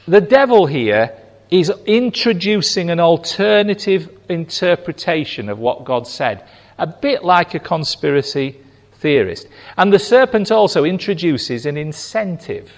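A man preaching a sermon, slow and emphatic, acting out quoted lines with big swings in pitch. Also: sing-song. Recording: long hall reverb.

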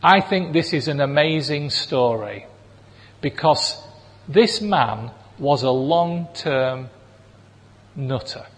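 A man preaching a sermon, animated and acting out voices of people in the stories he tells. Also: fairly high pitch, takes it slowly. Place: church hall. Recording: long reverb of a large hall.

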